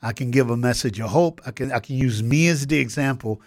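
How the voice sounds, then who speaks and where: During a radio studio interview, a U.S. motivational speaker speeds through his stories with emphasis, dramatizing the quotes along the way. He speaks in a mid-range voice, and there's no room sound.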